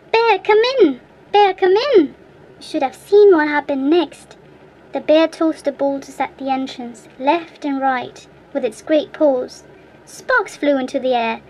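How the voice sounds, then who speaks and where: High-voiced woman reading a fairy tale. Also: a little mellow, rough recording. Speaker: audiobook reader. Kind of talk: storybook narration.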